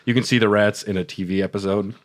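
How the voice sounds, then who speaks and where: Man, low voice, podcast co-host, casual chat, dry jokes, retells trivia. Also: steady tone, fast talker.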